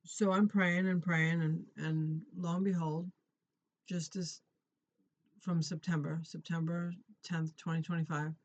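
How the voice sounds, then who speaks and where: A middle-aged parent who runs a Christian encouragement vlog shares a personal prayer testimony to lift viewers up, speaking earnestly and conversationally while often repeating and restarting phrases. The voice sits in the mid-range with little pitch movement and an unhurried pace. The recording has its highs cut off.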